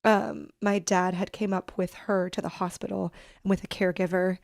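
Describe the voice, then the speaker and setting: A woman in her thirties, a podcast guest telling a personal story in an earnest, reflective, halting way. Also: lowish voice, flat delivery, vocal fry, darkish tone, no echo, clean studio sound. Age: 30s.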